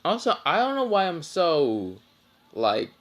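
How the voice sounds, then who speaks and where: A man's voice: on the high side, wildly swooping pitch, a little slow, a bit bright. A man casually telling a fan-fiction story, rambling and swearing with many fillers, tired after little sleep.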